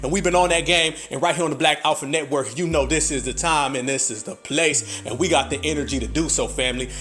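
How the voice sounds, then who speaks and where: A man's voice: on the high side, fast, a bit bright, soft background music. A man hosting a podcast, giving blunt, profane, combative commentary. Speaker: podcast host.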